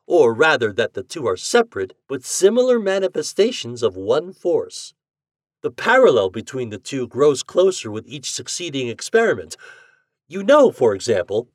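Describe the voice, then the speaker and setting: Man playing a self-proclaimed crazy genius scientist, emphatic lecturing, animated pitch, dry close sound. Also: no room sound. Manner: emphatic, lecturing, drawn-out slow stresses. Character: eccentric male scientist, cheerful self-declared mad genius. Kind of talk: audiobook character reading.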